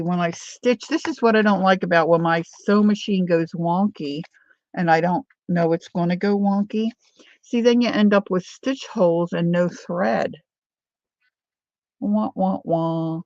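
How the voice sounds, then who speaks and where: A chatty woman crafting on camera, talking her viewers through what she is making. Her voice has a gravelly, creaky edge, and it comes across dry and a little dull, as if recorded close on a modest mic. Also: lowish voice, darkish tone, no room sound. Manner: chatty, reads viewer comments aloud. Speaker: craft vlogger. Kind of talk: casual crafting chat.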